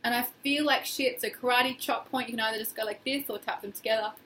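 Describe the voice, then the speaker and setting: A woman guiding a tapping exercise in a casual, expressive way, acting out feelings as she leads. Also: a little high, fast, slight background noise. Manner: casual, expressive, acts out feelings in quoted phrases. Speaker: tapping session guide.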